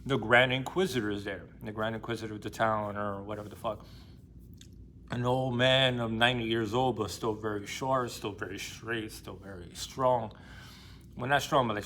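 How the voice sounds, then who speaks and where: A man retells a classic novel in loose, rambling, casual talk full of fillers and slang. His voice sits at a middle pitch, with a faint hiss of background noise behind it. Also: a bit bright. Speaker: book discussion host.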